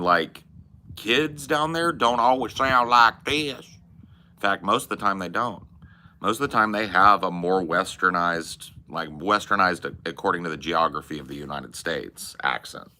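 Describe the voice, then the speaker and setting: A man's voice: low voice, bright, forceful tone. A man with a Californian accent hosting a podcast, chatting loosely with casual swearing and lots of "bro" and "man". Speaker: podcast host.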